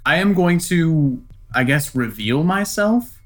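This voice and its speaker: A woman at a tabletop game with a very low voice that swings widely in pitch. She talks slowly and casually, joking with the table. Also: lively intonation. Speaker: player.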